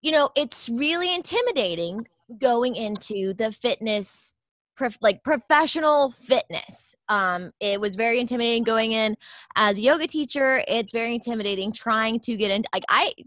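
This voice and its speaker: A woman's voice: fairly high pitch, lively intonation, normal speed, a bit bright, dry recording. A woman who is a yoga teacher and new personal trainer, speaking hesitantly with many fillers in a casual chat. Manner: hesitant, filler-heavy, openly insecure.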